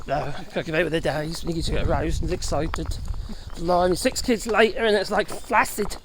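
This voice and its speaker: A man's voice: fairly high pitch, fairly even intonation, normal speed, background noise. A middle-aged man chatting casually and sarcastically on a dog walk outdoors, full of exclamations. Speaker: channel host. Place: outdoors walking dogs.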